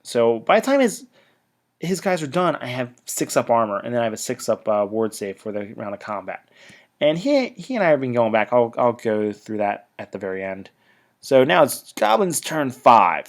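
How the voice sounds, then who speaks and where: A man's voice: medium pitch, sing-song, normal speed. A man casually recapping a tabletop wargame match as battle reporter, chatty, talking in stop-start bursts with trailing asides.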